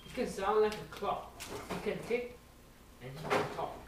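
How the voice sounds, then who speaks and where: A high school student reading a picture book aloud to young children, slow and careful, with sound effects. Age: teens. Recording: echoey, distant, noisy.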